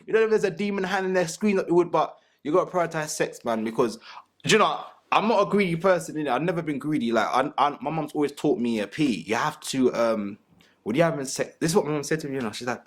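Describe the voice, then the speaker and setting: A man's voice: on the high side, lively intonation, fast talker. A man, a panelist talking in a crude, joking, slangy way about relationships. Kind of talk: casual panel talk.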